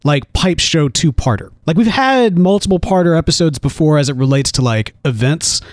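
A man co-hosting a podcast in casual chat, talking in a chatty, animated way with frequent fillers. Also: a little high, moderate pace, dry recording, clean studio sound. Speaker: podcast co-host.

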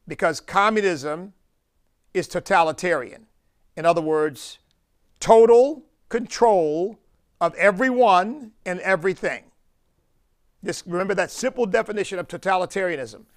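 A man from the United States preaching a sermon as pastor, driving his points home with slow, emphatic stresses on key words. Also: sits high, a bit bright.

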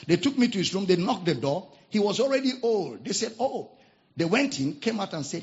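A male pastor preaching a sermon, telling stories dramatically and swinging from shouts to hushed tones. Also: sits high, very animated, fairly quick. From Nigeria. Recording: dull lo-fi sermon recording.

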